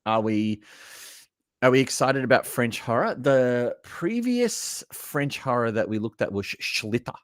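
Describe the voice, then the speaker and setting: Lively man chatting on a live stream. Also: mid-range voice, measured pace, no echo, studio quality. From Australia. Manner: chatty, talks to chat viewers, lively asides. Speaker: livestream host reacting to trailers. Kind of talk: casual live reaction chat.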